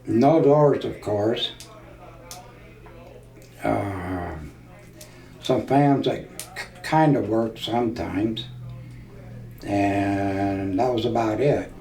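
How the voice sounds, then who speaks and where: A man's voice: on the low side, dark tone. A man in his seventies from Nebraska, a veteran telling stories in a folksy way for an oral history interview. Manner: slow, folksy storytelling. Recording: roomy, distant mic, faint hiss.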